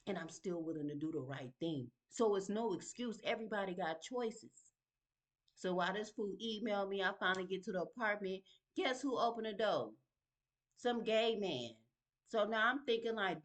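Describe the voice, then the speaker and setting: A woman's voice: medium pitch, lively intonation, normal speed. A woman telling her own story in a vlog, talking in an emphatic, conversational way and often asking "you feel me?". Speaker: vlogger sharing her story. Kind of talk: casual personal storytelling.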